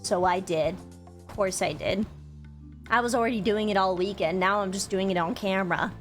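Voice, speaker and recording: A young woman streamer chatting with her viewers about a convention, bubbly and quick to swear, with lots of "like". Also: medium pitch, steady tone, soft background music. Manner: bubbly storytelling, swears freely, frequent "like". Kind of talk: casual chat to stream viewers.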